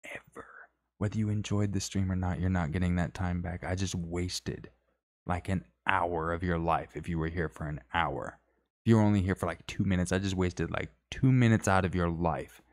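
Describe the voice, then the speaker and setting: A man's voice: sits low, steady tone, moderate pace. A man hosting a live stream, reading viewer comments in casual, rambling chat with joking, self-deprecating asides.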